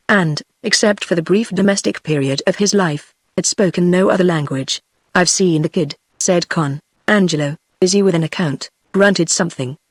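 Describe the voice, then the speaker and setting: A text-to-speech voice reading a gangster novel aloud, narration and dialogue alike in one even synthetic delivery. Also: mid-range voice, dry recording, studio quality.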